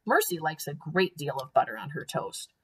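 A woman reading aloud and voicing a doting, motherly woman who speaks gently and soothingly. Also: deep voice, expressive, moderate pace, breathy edge, exaggerated voice. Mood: reassuring.

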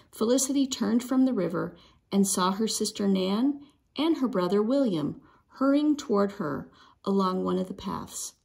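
Gravelly woman reading a storybook. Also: medium pitch, a little mellow. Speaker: storybook reader. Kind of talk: reading a children's book aloud.

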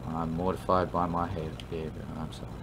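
A man's voice: sits low, flat delivery, a little fast, background noise, pitched below the performer's own voice, close to an everyday voice. A man voicing a drunk apologetic cat girl. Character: drunk young female cat, apologetic and sloppy.

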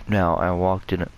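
A man's voice: low-pitched, a little hiss or hum. A man giving let's play commentary, ranting angrily and cursing constantly as he plays. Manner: angry, profane, ranting. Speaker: gamer.

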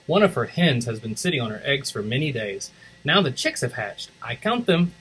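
A man reading a picture book aloud for school morning announcements, expressive and switching between English and Spanish. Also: mid-range voice, normal speed, slightly rough, poor audio. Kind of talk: read-aloud storytelling.

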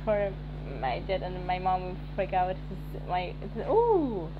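A young woman from Egypt streaming a game, talking haltingly with many fillers and shrieking in surprise. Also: lowish voice, animated, muffled recording, noisy background. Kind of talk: live game commentary.

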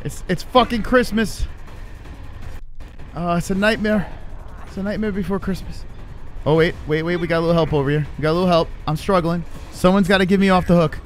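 A man giving live commentary on his own gameplay, swearing and reacting in excitable panic. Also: sits high, fairly quick, a little hiss or hum. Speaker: streamer.

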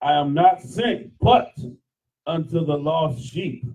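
A man reading scripture verses aloud on cue, slow and measured. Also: fairly high pitch, darkish tone, recorded from a distance, low-quality recording. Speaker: scripture reader.

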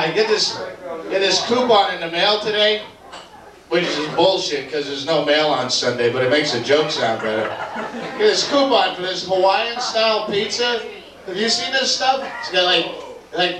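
A young man from Boston with a Boston accent, doing a brash, profane stand-up set in a bar. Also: high voice. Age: 20s. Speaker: stand-up comedian. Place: bar comedy club. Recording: roomy club tape from far off, loud crowd. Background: crowd laughter.

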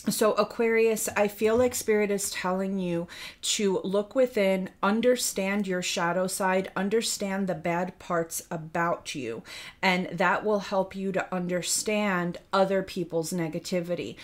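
Slightly breathless woman giving a tarot reading. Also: medium pitch. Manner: earnest, addresses the listener by star sign, asks rhetorical questions ending in "okay?". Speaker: tarot reader.

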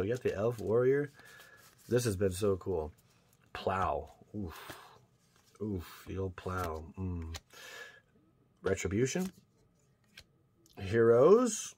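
A young man hosting his channel, chatting casually as he opens card packs and bursting into loud cheers over good pulls. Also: sits low, very animated, slow pace, pauses often, a little hiss or hum. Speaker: YouTube channel host. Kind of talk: casual card-pack opening commentary.

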